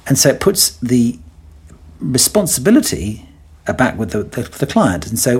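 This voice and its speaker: Male guest for an interview, husky voice, playful teasing storyteller. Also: medium pitch, big pitch swings, normal speed. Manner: playful, teasing storyteller who acts out quotes. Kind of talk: conversational podcast interview.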